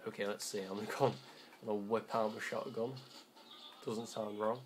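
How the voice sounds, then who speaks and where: A man's voice: on the low side, level tone, fairly quick, a little hiss or hum. A teenage boy commenting on his gameplay, rambling and correcting himself, easily frustrated. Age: teens. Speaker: gamer.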